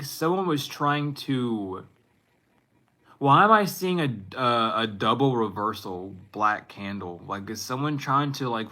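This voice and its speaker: A man's voice: mid-range voice, pushed and bright. A man in his twenties giving a casual, rambling spiritual reading to viewers, often cutting himself off and laughing at himself. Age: 20s. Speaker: tarot reader.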